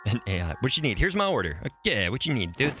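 Crude, lively young male streamer. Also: mid-range voice, fast talker, faint music behind. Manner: crude, profane, joking. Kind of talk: casual live gameplay commentary.

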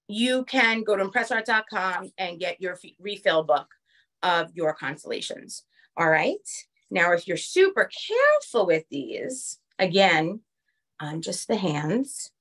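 A woman with a New York accent teaching a live online craft class over a phone camera, chatty and quick, checking in with the viewers often. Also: medium pitch, fairly bright tone. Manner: fast-talking, chatty, keeps checking in with "okay?". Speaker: craft instructor.

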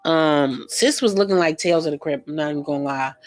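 A young woman with a low voice talks fast over a very noisy background, gossiping and chatting casually as she paints live for her art vlog. She's slangy, laughs often, and tells stories with lots of animation.

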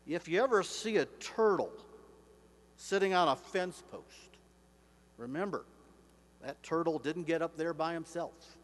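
A man quoting a plainspoken older cowman, slowly and deliberately, in an echoey hall. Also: on the high side, voice pushed up, natural voice. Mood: folksy. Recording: echoey hall, faint hum.

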